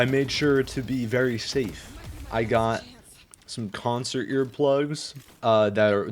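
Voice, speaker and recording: A young man who just woke up, chatting casually and rambling with lots of fillers and swearing. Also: mid-range voice. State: just woken up. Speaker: vlogger. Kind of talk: casual chat.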